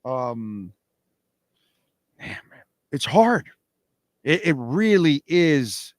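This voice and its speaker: A man's voice: fairly high pitch, extremely slow, no echo. A man hosting a radio show, talking in a casual, emphatic way and often repeating himself. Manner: animated, emphatic, repeats words. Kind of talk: casual sports radio talk. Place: radio studio. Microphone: studio microphone.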